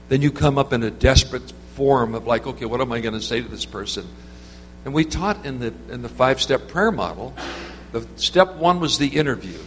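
A man's voice: medium pitch, animated, brisk. A man preaching an informal sermon, telling stories in a rambling, conversational way with many restarts. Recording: reverberant hall with faint hum.

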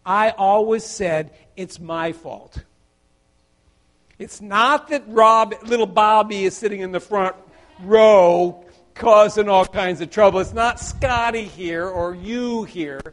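A middle-aged man preaching a sermon, earnest and halting, full of restarts and repeated words, putting questions to his listeners. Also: high-pitched, fairly bright tone.

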